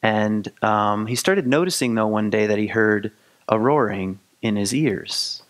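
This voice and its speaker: A man, a spiritual teacher, telling a story in a casual, halting way with frequent restarts. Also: fairly low pitch. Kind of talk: storytelling talk.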